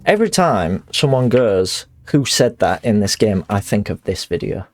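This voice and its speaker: A male streamer giving live commentary on a game, swearing, laughing and reacting loudly. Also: on the low side, very animated, moderate pace, no room sound, soft background music.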